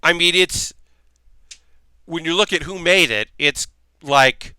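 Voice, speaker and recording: A man's voice: on the high side, slow, sharp tone, smooth, no echo. A man hosting a livestream, chatting loosely and profanely and answering comments from chat as he talks. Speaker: livestream host.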